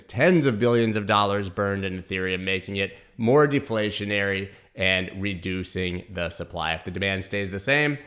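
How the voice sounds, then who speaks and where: A man hosting a crypto news show, giving brisk, opinionated market commentary straight to his viewers. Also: on the low side, a bit bright.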